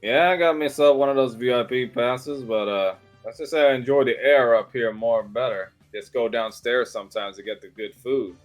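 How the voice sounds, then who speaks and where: A man doing a gruff crude bugbear. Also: mid-range voice, moderate pace, few pauses, faint music behind, natural voice. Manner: crude, drawling tough-guy talk. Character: gruff gambling male bugbear, crude and pushy.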